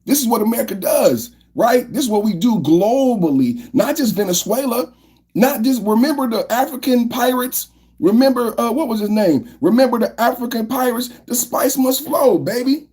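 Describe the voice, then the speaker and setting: A man's voice: very high voice, expressive, normal speed, mellow, breathy edge. A male podcast host doing political commentary, firing off repeated rhetorical questions and often asking viewers to like the video. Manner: repetitive, fired-up rhetorical questions.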